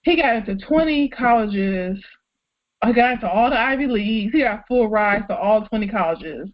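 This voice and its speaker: A woman co-hosting a podcast in casual chat, outspoken and animated, laughing often. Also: fairly high pitch, moderate pace, muffled recording. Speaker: podcast co-host.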